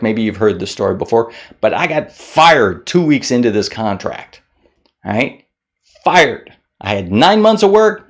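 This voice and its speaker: A man giving a motivational talk to camera, animated, mocking common excuses in whiny voices. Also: mid-range voice. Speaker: motivational speaker.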